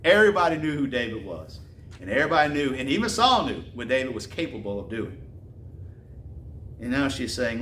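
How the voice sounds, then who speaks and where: Animated preacher man in a roomy church. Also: mid-range voice, a little fast, a little hiss or hum. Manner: reads scripture then retells it in casual slang, laughing. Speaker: pastor. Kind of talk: sermon. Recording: roomy echo, mic at a distance, faint ambience.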